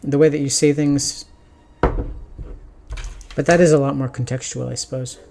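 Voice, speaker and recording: A man streaming his Japanese study, sounding out practice sentences slowly with many restarts and chatting casually between them. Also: medium pitch, flat delivery, gravelly, a little mellow, a little hiss or hum.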